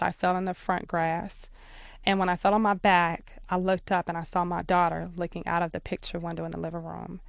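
Low, flat-voiced woman with a gravelly edge. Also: no room sound, studio quality. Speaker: radio interview guest. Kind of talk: personal testimony in a radio interview.

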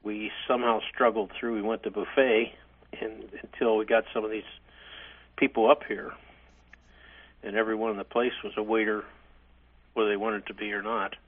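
An older man, a hotel chairman, telling stories from his career in a halting, rambling way with frequent restarts. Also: lowish voice, little pitch movement, narrow, tinny audio. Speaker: interview guest, hotel chairman. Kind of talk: reminiscing interview.

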